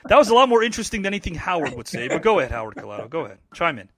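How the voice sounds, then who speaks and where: A man's voice: on the high side, very animated, fairly bright tone. A man hosting a casual online show, teasing his guests and reading out viewer comments. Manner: teasing, quick, reads viewer comments aloud. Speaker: podcast host. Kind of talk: casual chat, quiz-style banter.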